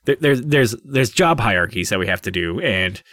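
A man's voice: lowish voice, expressive, moderate pace, fairly bright tone, dry recording, studio quality. A man narrating as game master of a tabletop game, rambling with many fillers.

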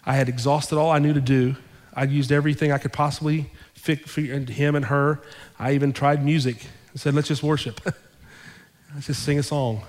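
A male pastor telling a story in his sermon, conversational and animated, repeating his phrases for effect. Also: fairly high pitch, a little fast, hardly any pauses, long reverb tail. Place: church sanctuary.

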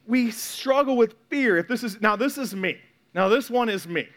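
A man preaching a sermon as a pastor, talking candidly and conversationally, often restarting his sentences with quick repeats. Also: extremely high pitch, animated, a bit bright.

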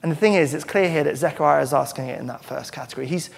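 A man's voice: fairly high pitch, racing, vocal fry, slightly rough. A man preaching a sermon as pastor, earnest and emphatic, often restarting his phrases. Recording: long church-hall reverb.

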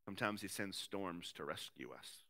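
A man in his thirties, a pastor preaching a sermon with earnest conviction, swinging between forceful emphasis and very soft, quiet passages. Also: low voice, expressive, normal speed.

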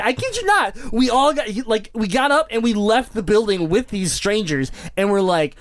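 A man hosting a podcast, telling an animated story in casual chat. He laughs often, repeats his words and acts out the voices of people he quotes. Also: high-pitched, normal speed, few pauses, a little hiss or hum. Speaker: podcast host.

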